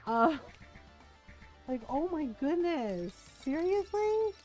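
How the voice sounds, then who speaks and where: A woman streamer chatting casually while playing a game, animated and swearing freely. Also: sits high, slow pace, faint music behind, rough recording. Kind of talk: casual gameplay commentary.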